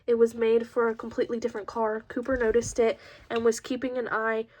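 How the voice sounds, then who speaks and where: A woman reading a first-person novel aloud at a steady pace, with small slips and restarts. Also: fairly high pitch, a little fast, muffled recording. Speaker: audiobook reader.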